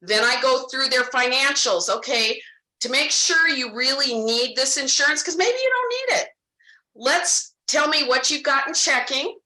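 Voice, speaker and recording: A woman with a bright, forceful, fairly high voice runs a sales training talk. She speaks directly and animatedly to her listeners and plays out her client conversations line by line. The room around her rings with a noticeable echo. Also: unhurried. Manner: animated, direct, addresses audience as "guys".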